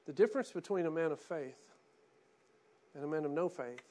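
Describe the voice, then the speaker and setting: Impassioned preacher, a man with a high voice. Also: moderate pace. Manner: impassioned, swings from hushed to loud. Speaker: pastor. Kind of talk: sermon.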